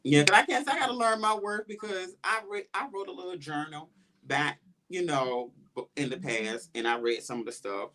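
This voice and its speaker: A man hosts a relaxed podcast conversation. He tells a personal story with lively expression and keeps slipping into what he said to himself at the time. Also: a little high, moderate pace. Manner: animated storytelling, quoting his own thoughts aloud. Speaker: podcast host.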